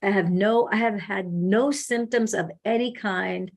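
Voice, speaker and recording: A woman's voice: mid-range voice, unhurried. A woman hosting a casual call, telling stories with acted-out quotes. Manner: animated storyteller acting out quoted speech. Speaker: host. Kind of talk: casual phone consultation.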